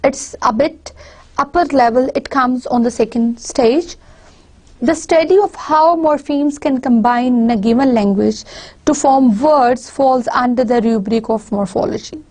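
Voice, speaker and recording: Woman, Pakistani accent, high voice, university lecturer, step-by-step explaining, restarts sentences. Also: a little slow, a little mellow. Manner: explains step by step with spoken examples, frequent restarts.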